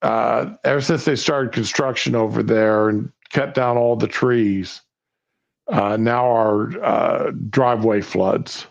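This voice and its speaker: Older man, halting host chat. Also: mid-range voice, vocal fry, highs cut off. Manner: halting, with many restarts and fillers. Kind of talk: casual chat on a live stream.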